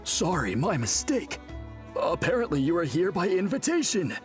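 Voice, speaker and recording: A man's voice: high-pitched, big pitch swings, moderate pace. A man voicing a formal, welcoming male tribal priest in a video game, speaking politely and formally. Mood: courteous. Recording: faint music underneath.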